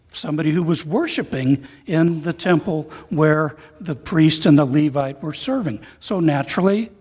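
A man preaching a sermon, retelling a parable in an animated storytelling way. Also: on the high side, breathy edge. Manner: animated storytelling, reading a retold parable aloud. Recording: long reverb of a large hall.

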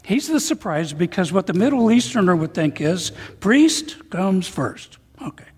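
Preacher in a reverberant hall, husky voice. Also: male voice, high voice, a little slow. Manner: animated storytelling, reading a retold parable aloud. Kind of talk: sermon. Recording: long reverb of a large hall.

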